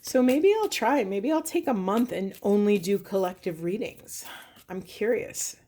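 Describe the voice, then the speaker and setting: Facing the camera, a woman with an unhurried, mellow mid-range voice works through a spiritual tarot reading. Reflective and earnest, she muses aloud with plenty of fillers and appeals pleadingly to those watching.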